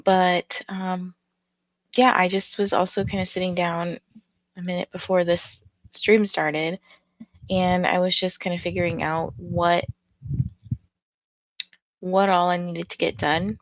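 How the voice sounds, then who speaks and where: A woman's voice: lowish voice, little pitch movement, unhurried, pauses often, no room sound, muffled recording. A tired woman who just woke up, hosting a casual reading livestream with her morning voice, rambling with many fillers. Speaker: reading stream host.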